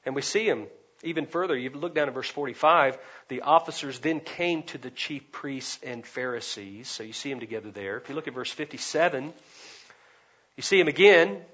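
A man preaching an expository sermon, swinging between loud emphasis and quiet asides. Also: mid-range voice, moderate pace, slightly rough, dull audio. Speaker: pastor.

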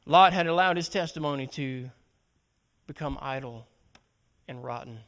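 A man's voice: medium pitch, normal speed, fairly bright tone. A male preacher delivering a sermon, dramatically acting out the lines of Bible characters.

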